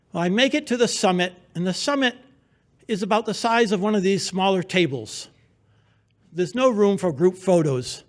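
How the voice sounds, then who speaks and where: A man with a noticeably high speaking voice tells a true adventure story in front of a theater audience. His delivery is wry and humorous, narrating in a vivid present tense that pulls listeners into the moment. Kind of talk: live personal storytelling on stage. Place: theater stage before an audience.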